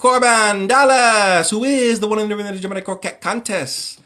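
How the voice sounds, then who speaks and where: A man putting on the voice of a flamboyant, hyper male radio showman who squeals and shrieks his hype lines. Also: sharp tone. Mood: hyped. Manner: shrill, squealing, rapid-fire hype.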